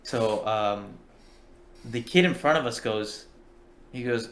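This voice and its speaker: A man's voice: mid-range voice, brisk, fairly bright tone. A young man in his early twenties, co-hosting a podcast and telling a rambling, profane story with acted-out quotes. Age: early 20s. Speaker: podcast co-host. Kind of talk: casual storytelling chat.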